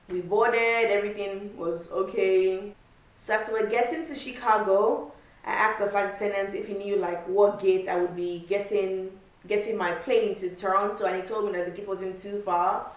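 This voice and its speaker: A woman vlogger telling a travel story in a casual, animated way, with lots of repeats and filler words. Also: medium pitch. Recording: echoey room, mic far off.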